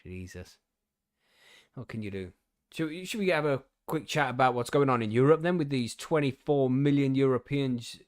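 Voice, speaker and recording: Laid-back male co-host, mid pitch, dry close sound, casual swearing. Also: expressive, moderate pace, no room sound. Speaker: podcast co-host. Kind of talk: casual chat, reading news aloud.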